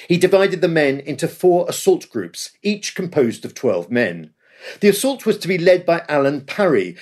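A man's voice: on the high side, a little mellow. A man reading scripted history narration with a dramatic storytelling delivery. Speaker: podcast host.

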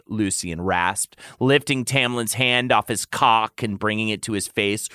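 A man's voice: fairly low pitch, unhurried, hardly any pauses, pushed and bright, clean tone, no room sound, clean studio sound. A man hosting a comedy podcast, narrating a story in a melodramatic storybook manner. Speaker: podcast host.

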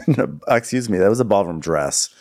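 A man co-hosts a podcast and narrates the week's episode with wry asides. His voice sits on the low side. It stays lively and moves freely up and down in pitch. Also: normal speed. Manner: chatty, wry, storytelling. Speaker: podcast co-host. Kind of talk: casual recap chat.

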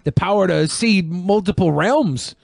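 A man's voice: high-pitched, measured pace, gravelly, no room sound, studio quality. A man hosting a casual podcast, telling crude, joking stories. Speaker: podcast host.

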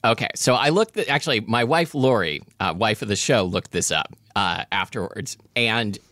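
A man's voice: on the low side, expressive, moderate pace, a bit bright, dry recording, studio quality. A man hosting a podcast in casual chat, wry and joking, reading aloud from his notes while he chews. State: chewing food. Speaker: podcast host.

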